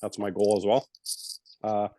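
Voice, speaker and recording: A middle-aged man leads a calm breathing exercise, then tells his story frankly and casually, sometimes swearing. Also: fairly low pitch, unhurried. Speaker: retired police officer and yoga teacher, guest speaker. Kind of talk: guided breathing, then candid personal story.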